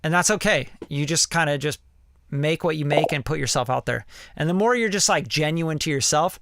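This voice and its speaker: A man talking on a live stream, his voice sitting a bit high for a guy with a gravelly, fry-laden edge. He rambles candidly, peppering everything with "like" and "you know" and swearing freely. The sound is close and dry, with no room around it. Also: fairly quick, fairly bright tone, dry recording. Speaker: music producer hosting a live stream. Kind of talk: casual live-stream talk.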